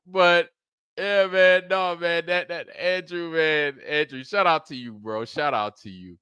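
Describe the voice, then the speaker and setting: Male stream host, crisp bright voice, dry booth sound, rambling and salty. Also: a little high, a little slow, no echo. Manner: profane, rambling, laughs often. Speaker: livestream show host. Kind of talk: casual chat.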